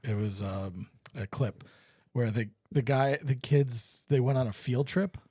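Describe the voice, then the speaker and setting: A man co-hosting a casual comedy podcast, firing off quick questions and retelling funny clips. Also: medium pitch, mellow, husky. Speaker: podcast co-host.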